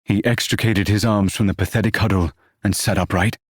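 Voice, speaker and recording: A man narrating an audiobook novel in a measured, expressive reading. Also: fairly low pitch, slightly rough, no room sound, studio quality.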